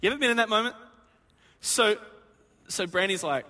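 A male pastor preaching a sermon, telling a story in an animated way and acting out the voices in it. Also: sits high, normal speed. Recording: long reverb of a church hall.

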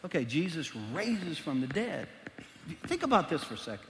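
Preacher, middle-aged man, fairly high voice, animated storyteller, long church hall reverb. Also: moderate pace. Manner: animated storytelling, swings between loud and hushed. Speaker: pastor. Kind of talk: sermon. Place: church auditorium.

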